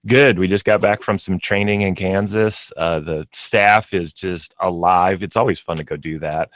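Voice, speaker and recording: A man's voice: low-pitched, fairly even intonation, normal speed, a bit bright, no echo. A middle-aged man with a Midwestern American accent, a pet store guest on a radio show, talking in a friendly, informative way. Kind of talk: casual radio chat. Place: radio studio. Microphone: studio microphone.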